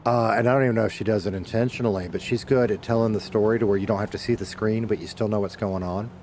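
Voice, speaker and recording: A man's voice: on the low side, fairly even intonation, fast talker, darkish tone, a little hiss or hum. Rambling swearing male streamer. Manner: rambling, self-correcting, swears casually. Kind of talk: casual chat while gaming.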